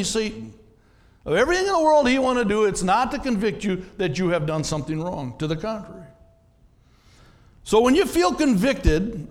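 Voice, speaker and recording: A man's voice: sits high, big-room sound. A man, a pastor, preaching a sermon in a conversational way, often asking the congregation questions.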